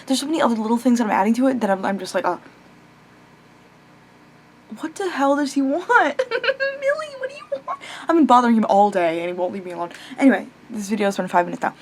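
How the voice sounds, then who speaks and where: A young woman rambling casually in a late-night vlog, chatty and animated, full of fillers, restarts and casual swearing, now and then breaking off to talk to her pet. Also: medium pitch, slight background noise. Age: young adult. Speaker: vlogger.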